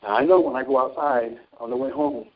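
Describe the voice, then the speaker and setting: A man's voice: medium pitch, fairly quick, narrow, tinny audio. A man preaching informally on a Christian talk show, telling stories from his own life and reading scripture. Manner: animated storytelling with scripture readings.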